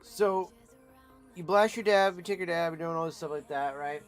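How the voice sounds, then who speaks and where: A streamer with a fairly high voice tells a long, loose story straight to his chat. He talks casually and animatedly, with plenty of swearing. Faint music plays underneath. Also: normal speed. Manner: rambling, profane, animated.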